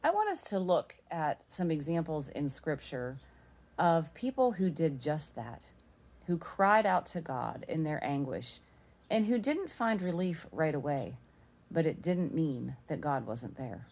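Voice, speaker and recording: A woman with a low voice leads a devotional lesson, unhurried and earnest. She explains scripture step by step in a gentle, patient way. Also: sing-song. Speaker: devotional teacher. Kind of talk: devotional teaching.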